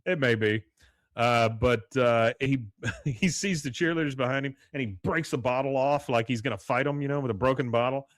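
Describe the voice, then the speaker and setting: A man's voice: medium pitch, normal speed, dry recording. Male podcast host, casual rambling recapper, mid voice, dry close mic. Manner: rambling retelling full of "uh" and acted-out quotes.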